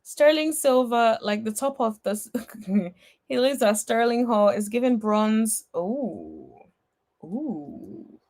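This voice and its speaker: Woman, high voice, sassy recap vlogger, blunt and direct. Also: steady tone, unhurried, darkish tone. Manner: blunt, sassy, talks straight to the cast. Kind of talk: casual reaction commentary.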